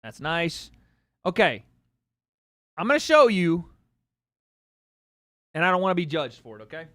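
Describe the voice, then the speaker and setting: Male streamer at home, high bright voice, dry close sound, teasing banter with chat. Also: big pitch swings, a little slow, dry recording. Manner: joking, trolling banter with his chat. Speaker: livestream host. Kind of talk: casual livestream chat.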